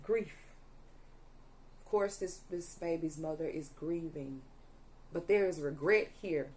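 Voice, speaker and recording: A young woman with a deep, slightly dark voice reads tarot cards for her viewers at a slow pace. She is emphatic and repetitive, frequently pausing to ask "okay?" and repeating "allegedly," and at times she sounds audibly angry.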